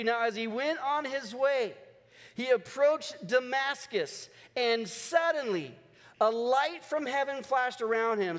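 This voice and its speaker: A male pastor preaching a lively sermon to his church. He moves between slow, stressed lines and quick joking asides. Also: very high voice, in a large hall. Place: church sanctuary.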